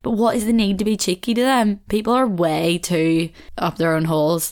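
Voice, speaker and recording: A woman's voice: on the low side, moderate pace. A young woman, hosting a podcast and telling a story in a candid, chatty way, swearing freely and saying "like" a lot. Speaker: podcast host. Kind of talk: casual storytelling chat.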